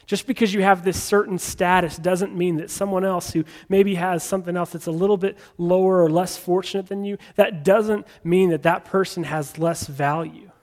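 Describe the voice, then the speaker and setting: Conversational male preacher, slightly high voice. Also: steady tone, normal speed, hardly any pauses, a little mellow. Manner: conversational, retelling scripture in his own words. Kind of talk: sermon.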